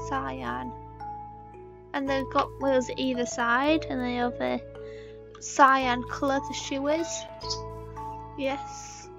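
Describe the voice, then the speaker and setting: A high-pitched British woman rambles playfully through a game, talking slowly with silly asides. The recording is a little dull and lo-fi, with faint game music underneath. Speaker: gaming vlogger. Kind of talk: casual gameplay commentary.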